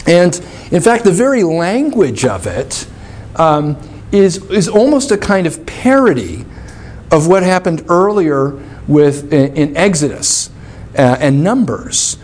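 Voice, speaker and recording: A man's voice: high voice, a little mellow. A man giving a classroom lecture in a conversational way, often checking in with his listeners.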